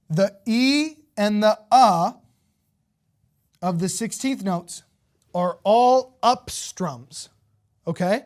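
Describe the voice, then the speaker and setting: Teaching beginners the ukulele, a woman counts the beats out loud and checks in with "okay?" again and again, patient and encouraging. Her mid-range voice is animated and a little mellow, and she speaks very slowly with frequent pauses.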